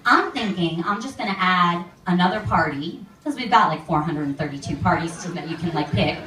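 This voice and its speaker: A woman's voice: lowish voice, lively intonation, fairly quick, pushed and bright. A young woman doing a stand-up comedy set on stage, chatty and full of "like", acting out other people's voices as she goes. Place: comedy club stage with a live audience. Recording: echoey room, mic heard from a distance, crowd laughing.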